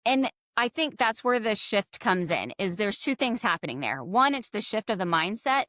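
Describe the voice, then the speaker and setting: Speaking at a normal pace in a medium-pitched voice, a middle-aged leadership coach from the United States guests on a podcast. She tells her stories with animation, performing the quoted lines herself, and the clean studio audio has no echo.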